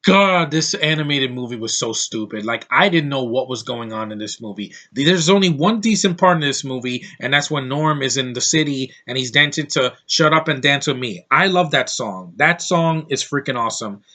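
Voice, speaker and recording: A man's voice: mid-range voice, expressive, moderate pace, hardly any pauses, sharp tone. A man giving a casual, ranting movie review, blunt and scornful, swearing casually.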